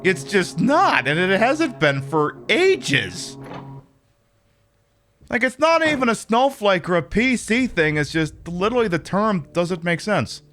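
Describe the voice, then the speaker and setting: A man talks over his gameplay stream in a loose, rambling way, piling on fillers as he airs his opinions. His voice sits a little higher than most men's. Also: very animated, measured pace, fairly bright tone, faint music behind. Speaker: livestreamer. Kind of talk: casual gameplay commentary.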